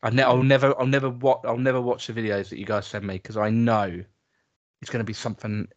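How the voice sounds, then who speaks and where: A man's voice: medium pitch, little pitch movement, quick pace, highs cut off. A man co-hosting a casual podcast, wry and mock-indignant. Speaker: podcast co-host. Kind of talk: casual chat.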